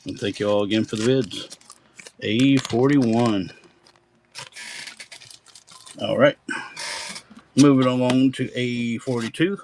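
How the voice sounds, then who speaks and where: A man's voice: medium pitch, a little slow, long pauses, darkish tone, slight background noise, low-quality recording. A man hosting a live-stream coin auction with folksy, rambling auctioneer patter.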